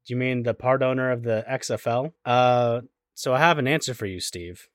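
A man's voice: mid-range voice, normal speed, a bit bright. A wry co-host with a dry sense of humor checks facts and corrects the others. His voice sounds close and dead, with no room echo. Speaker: podcast co-host. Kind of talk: casual chat.

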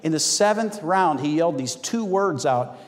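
A man preaching a sermon as pastor, telling stories with animated acted-out quotes. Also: fairly high pitch, moderate pace. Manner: animated storytelling, acts out quotes. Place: church hall. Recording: long hall reverb.

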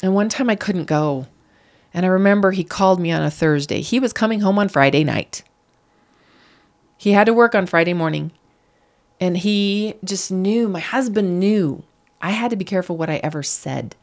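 A middle-aged woman, a podcast guest, telling a painful personal story in an earnest, animated way. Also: on the low side, moderate pace. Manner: earnest, animated, acts out quoted voices.

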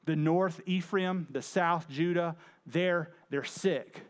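A man's voice: fairly high pitch, takes it slowly. A man preaching a conversational sermon, often stumbling over and repeating words as he acts out the lines he reads. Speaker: pastor.

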